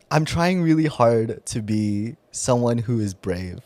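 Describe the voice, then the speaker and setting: A young man co-hosting a podcast tells a story in casual chat. His pitch swings widely as he acts out his own nervous voice, and he laughs often. The sound is dry and close. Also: animated, a little fast, darkish tone, no echo. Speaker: podcast co-host.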